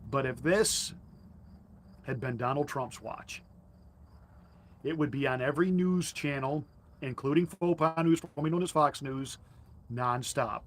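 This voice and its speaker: A man's voice: medium pitch, a little slow, long pauses. A male pastor delivering a combative, mocking political commentary monologue with emphatic jabs.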